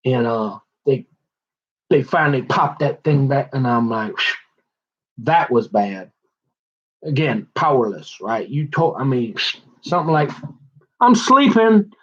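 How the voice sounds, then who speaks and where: A man's voice: medium pitch, breathy edge, lo-fi sound. A middle-aged man rambling in casual, digressive chat with folksy turns of phrase. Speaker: vlogger.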